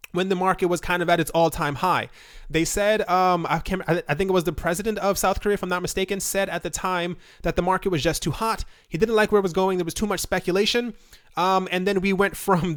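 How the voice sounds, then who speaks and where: A young man giving fast, rambling casual commentary on crypto news, full of fillers. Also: sits high, dry recording, studio quality.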